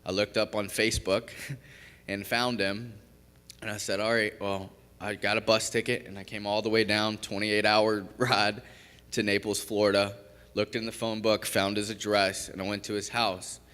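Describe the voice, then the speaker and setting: A man's voice: fairly low pitch, flat delivery, normal speed, bright, forceful tone, clean tone. A young man from Kentucky giving a personal testimony at a church service, candid and conversational, full of fillers and restarts. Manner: candid, conversational storytelling with frequent fillers and self-interruptions. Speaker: recovery program graduate giving testimony. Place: church sanctuary. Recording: long reverb of a large church.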